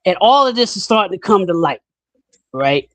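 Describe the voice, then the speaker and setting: A man hosting a casual podcast chat, talking bluntly and in an animated way, his pitch jumping up when he gets riled. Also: normal speed, dry recording. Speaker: podcast host.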